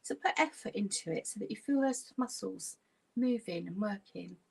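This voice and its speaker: A woman, a laughter yoga leader gently guiding an online exercise class through stretches and breathing. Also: mid-range voice, lively intonation, moderate pace, gravelly, slightly rough.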